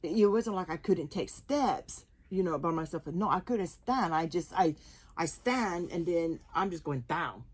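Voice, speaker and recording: A young woman telling a humorous personal story, animated and laughing often, with halting restarts. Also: fairly low pitch, slightly rough. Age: young adult. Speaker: guest sharing her testimony.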